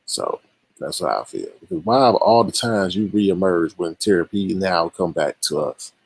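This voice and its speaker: A man's voice: low voice, expressive, normal speed, slightly rough. A man hosting a live stream, giving casual and exasperated commentary on online drama straight to his viewers.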